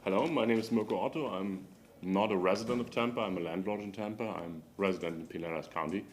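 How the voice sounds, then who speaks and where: Hesitant German-accented man, lowish voice. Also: slight background noise. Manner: halting, hesitant, many fillers, non-native phrasing. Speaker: landlord giving public comment. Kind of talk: unscripted public comment. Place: city council chamber.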